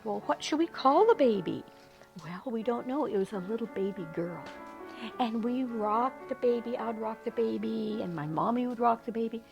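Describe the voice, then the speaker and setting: An older woman with a fairly high voice tells a story from her childhood in a gentle, sing-song way. She stretches out tender words as if reading to small children, and clear music plays behind her. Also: rough recording.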